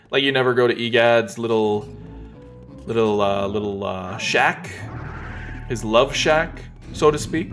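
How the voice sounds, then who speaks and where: A man streaming a game, talking in a relaxed, wry, joking way as he plays. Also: medium pitch. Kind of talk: casual gameplay commentary.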